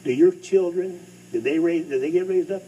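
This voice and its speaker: Preacher man, loud then hushed. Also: a little high, moderate pace. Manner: lively preaching, swings between loud and hushed. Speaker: pastor. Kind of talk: sermon. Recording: distant mic with faint hum.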